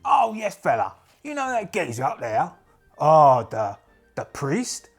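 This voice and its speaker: A man's voice: on the high side, huge pitch swings, unhurried, breathy edge, faint music behind, heavily acted. A man doing a cheeky duck wheeler-dealer. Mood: chummy. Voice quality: matey slang with a wheedling, salesy patter. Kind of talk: solo tabletop role-play.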